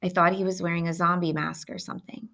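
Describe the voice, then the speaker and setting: A woman's voice: lowish voice, little pitch movement, quick pace, vocal fry, sharp tone. A woman reading a novel aloud in plain first-person narration. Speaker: audiobook reader.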